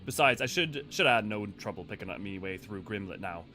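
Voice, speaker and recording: A man reading out the lines of a gruff, roguish male scout in a game, with rough, folksy phrasing. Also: on the low side, animated, fairly quick, sharp tone, soft background music, voice pushed down.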